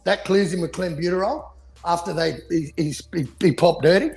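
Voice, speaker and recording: A man's voice: high-pitched, moderate pace, vocal fry, darkish tone, husky. A man co-hosting a casual boxing podcast, talking in profane, heated rants. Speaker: podcast co-host.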